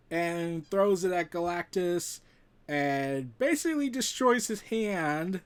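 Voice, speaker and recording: A man's voice: sits high, expressive, slow pace, clean tone. A man reviewing a comic book in a casual, rambling recap. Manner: rambling recap with fillers and restarts.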